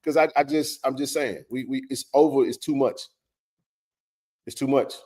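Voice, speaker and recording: A man's voice: mid-range voice, steady tone, normal speed, darkish tone. A man hosting a sports talk stream, ranting bluntly in casual, profane talk. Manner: heated, blunt ranting with frequent swearing.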